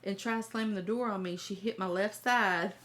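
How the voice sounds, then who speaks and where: A woman's voice: medium pitch, steady tone, normal speed, a bit bright. A woman host reading a viewer's email aloud and reacting in a blunt, profane, chatty way, talking straight to her viewers.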